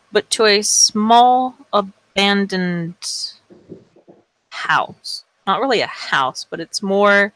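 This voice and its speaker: A woman narrating as game master of a tabletop game, slowly and deliberately describing the scene. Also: mid-range voice, fairly bright tone, no room sound, low-quality recording.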